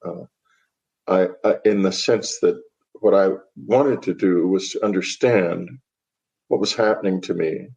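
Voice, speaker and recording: A man's voice: low-pitched, a little slow, vocal fry, darkish tone, lo-fi sound. An older man, a guest author on a podcast interview, speaking bluntly and dismissively, with a laugh at what he finds absurd.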